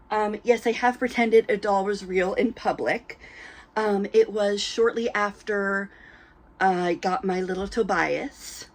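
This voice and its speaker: A woman telling stories to camera in a casual, giggly way, full of ums, with a dry throat. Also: medium pitch. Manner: chatty, giggly, many ums, acts out quoted voices. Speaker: reborn doll collector vlogger. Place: indoors at home, lit by a ring light.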